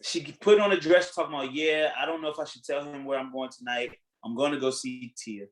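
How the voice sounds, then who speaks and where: A man hosting a podcast in casual chat, retelling a reality show in a blunt, animated way, acting out what people said and swearing freely. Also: a little high, fairly quick, rough recording. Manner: animated storytelling, acting out quotes. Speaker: podcast host.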